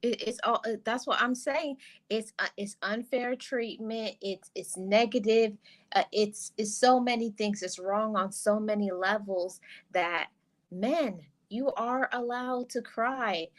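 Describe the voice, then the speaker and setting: A woman's voice: a little high, a little slow. A woman hosting a podcast and talking in a casual, earnest way. She often repeats her first words before a thought gets going. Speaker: podcast host.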